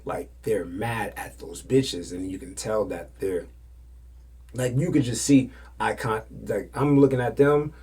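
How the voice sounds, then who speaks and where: A man hosting a podcast, telling stories casually in loose slang and often dropping to a hushed whisper. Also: on the low side, measured pace, husky. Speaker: podcast host. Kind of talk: casual storytelling.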